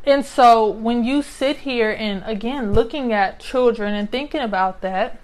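A young adult woman talking casually and reflectively to her listeners, often ending a point with "right?". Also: on the high side. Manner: conversational, often adds "right?" as a tag. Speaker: speaker sharing personal reflections.

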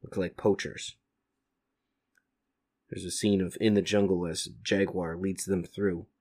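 A man's voice: sits low, flat delivery, unhurried, darkish tone. A man casually reading a comic aloud, describing the panels with fillers. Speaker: comic reader.

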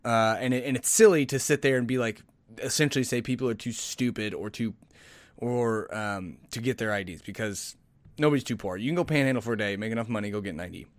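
A podcast host rambles sarcastically through a casual take on satirical headlines, restarting often. His medium-pitched voice moves fast, and there's no room sound.

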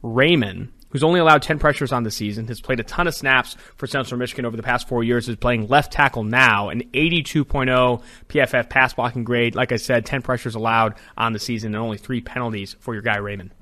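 A man co-hosting a sports podcast, briskly reading through ranked names and joking along the way. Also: medium pitch, fairly even intonation, sharp tone. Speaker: podcast co-host. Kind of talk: casual sports podcast chat.

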